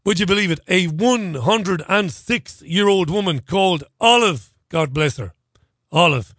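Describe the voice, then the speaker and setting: A man's voice: high-pitched, expressive, measured pace, fairly bright tone, no room sound. Chatty sardonic male talk radio host. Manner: chatty, sardonic, self-deprecating asides.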